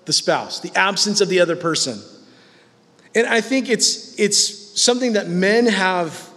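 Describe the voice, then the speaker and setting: Joking high-voiced male preacher. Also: a bit bright, long reverb tail. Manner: humorous, self-mocking, conversational. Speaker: pastor. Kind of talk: sermon.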